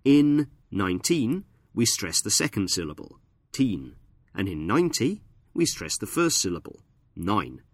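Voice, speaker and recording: Man presenting an English lesson, deep voice, lively intonation, friendly and clear, dry studio sound. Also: no room sound. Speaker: presenter of an English-learning podcast. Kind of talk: scripted teaching narration.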